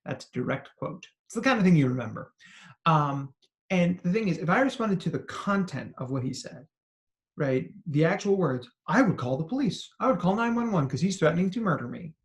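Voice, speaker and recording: A man with a slightly higher voice gives an animated talk to parents and educators. He explains like a psychologist, tells stories and asks the listeners questions. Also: fairly quick. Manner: animated storytelling with acted quotes and asides. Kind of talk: expressive talk to an audience.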